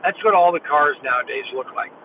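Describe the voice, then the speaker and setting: A man's voice: fairly high pitch, quick pace. Tired mumbling man on a tinny livestream. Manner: mumbling, rambling. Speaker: livestream host. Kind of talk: casual livestream chat. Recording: tinny distant mic with loud vehicle noise.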